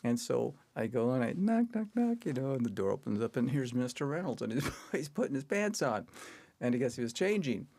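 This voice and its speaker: An older man spins a long story as a podcast guest, his voice mid-pitched with a gravelly, creaky edge. He chuckles as he goes and raises his voice to act out the people in the tale. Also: sing-song, a little fast, mellow. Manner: chuckles through his anecdote; acts out quoted people in a raised voice. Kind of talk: casual storytelling.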